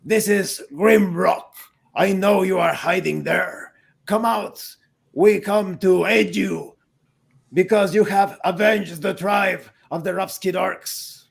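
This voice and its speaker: A man voicing a proud, blunt male orc chieftain who talks in slow, halting speech. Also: sits high, fairly even intonation, creaky, breathy edge, pitched above the performer's own voice, heavily acted. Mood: commanding.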